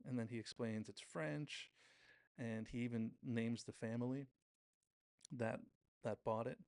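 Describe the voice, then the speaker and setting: A man hosting a show, casually recapping a TV episode scene by scene and quoting the characters in quick impressions. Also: medium pitch, steady tone, a little mellow, no echo. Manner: retells scenes with quick quoted impressions, self-correcting. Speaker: podcast host reviewing a TV episode.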